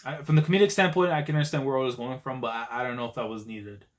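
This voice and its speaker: Excitable man reacting to a manga chapter. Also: mid-range voice, racing. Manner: excitable and slangy, with frequent exclamations. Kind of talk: live reaction commentary.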